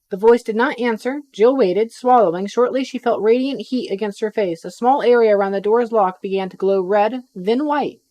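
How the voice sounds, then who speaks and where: A woman's voice: on the high side, normal speed, hardly any pauses, warm tone, no room sound, highs cut off. A woman reading a novel aloud on a live stream, breaking off for chatty asides. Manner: chatty asides between reading, some stumbles.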